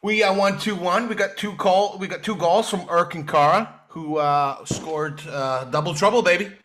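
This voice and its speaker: A man on a football podcast puts on a cheesy American sports-talk voice. His tone is bright and sharp, set fairly high for a man, and he leans into the gag with playful, hammy delivery. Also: normal speed. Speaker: podcast co-host. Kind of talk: comic chat in a put-on American accent.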